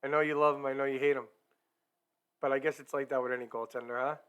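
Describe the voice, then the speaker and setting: A man's voice: mid-range voice, fairly even intonation, quick pace, fairly bright tone, clean tone, dull audio. A man hosting a hockey talk live stream, chatty and upbeat, talking straight to his viewers. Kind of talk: casual live-stream chat.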